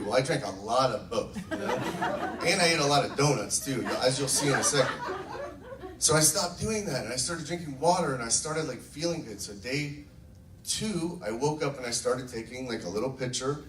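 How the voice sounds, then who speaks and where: A man's voice: medium pitch, expressive, normal speed. A man talking casually and enthusiastically to a group, telling his own story and acting out what others said. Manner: enthusiastic, storytelling, acts out quotes. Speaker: network marketing distributor. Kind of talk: casual testimonial talk to a group. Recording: echoey room, mic from far off.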